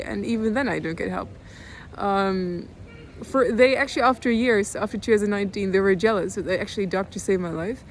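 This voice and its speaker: A young woman in her twenties with a Dutch accent, speaking in a halting personal video diary, calm and low-key, often close to tears, with many pauses and restarts. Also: slight background noise. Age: 20s. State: near tears.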